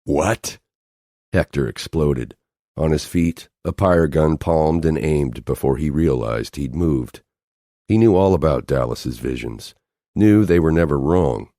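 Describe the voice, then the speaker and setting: A man's voice: rumbling low, warm tone, dry recording. A man narrating a romance audiobook in an intense, dramatic way on a close studio mic. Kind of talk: scripted narration.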